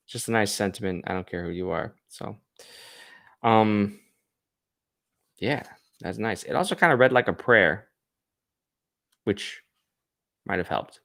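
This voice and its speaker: A man's voice: lowish voice, measured pace, vocal fry, pauses often, a bit bright, no room sound, studio quality. A man hosting a poetry reading show, talking casually and thinking aloud about the poems. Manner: thinking aloud, musing, with restarts. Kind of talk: casual spoken commentary on poems.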